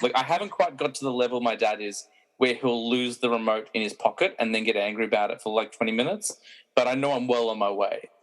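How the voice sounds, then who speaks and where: A man's voice: medium pitch, quick pace, poor audio. A man hosting a podcast, chatting casually, rambling with restarts and laughing often. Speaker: podcast host. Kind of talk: casual chat.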